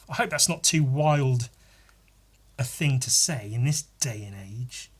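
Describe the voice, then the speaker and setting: A man talks alone on his podcast in a loose, rambling way, swearing casually and poking fun at himself. His voice is husky, with a middling pitch. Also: lively intonation, unhurried. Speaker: podcast host. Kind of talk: casual solo monologue.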